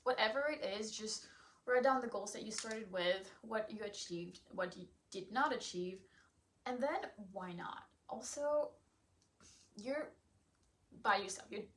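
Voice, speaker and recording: A woman's voice: medium pitch, a little slow. A young woman hosting a casual solo podcast, chatty and encouraging, laughing often; English is not her first language. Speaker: podcast host and nutrition coach.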